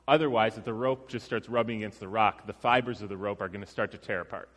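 A man preaching a sermon, telling a personal story in a relaxed, self-deprecating way before turning to scripture. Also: lowish voice, fast talker. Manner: conversational, self-deprecating, with laughs. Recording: long reverb of a large hall.

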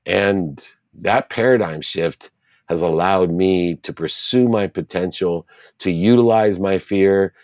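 A man's voice: sits low, takes it slowly, a little mellow, no room sound, studio quality. A middle-aged man, an interview guest, telling his life story in an earnest, reflective way and stacking repeated phrases.

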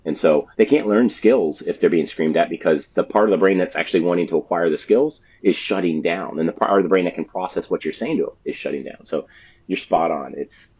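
A man's voice: sits low, a little fast, husky, highs cut off. A man, a youth sports coach and author, giving earnest explanatory answers as an interview guest.

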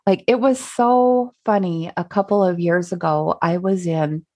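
Speaking at a moderate pace with few pauses, this solo podcast host has a voice on the low side. She's a middle-aged woman from Minnesota, accent and all, musing aloud in a chatty manner sprinkled with fillers and small laughs.

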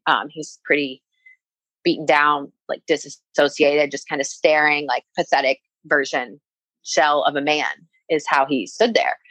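A woman's voice: deep voice, normal speed, fairly bright tone, dry recording, poor audio. A young adult woman telling a personal story in casual conversation, full of "like" fillers and quoting what others said.

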